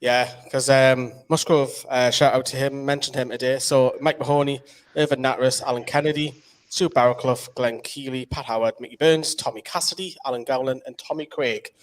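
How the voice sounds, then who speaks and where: A man's voice: medium pitch, steady tone, normal speed, a little hiss or hum. A man with a Geordie accent hosting a casual live quiz, chatty and explaining the rules at length. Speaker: quiz host.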